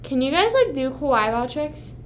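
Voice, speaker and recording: A woman's voice: high voice, big pitch swings, normal speed, a little hiss or hum. A young woman hosting a casual livestream, rambling to her chat and swearing often. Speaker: livestream host.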